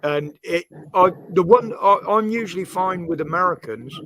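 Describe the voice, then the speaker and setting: An easygoing man from Britain hosts a casual livestream chat. He explains things plainly to his viewers and guests, in a relaxed conversational way. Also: high voice, moderate pace, rough recording.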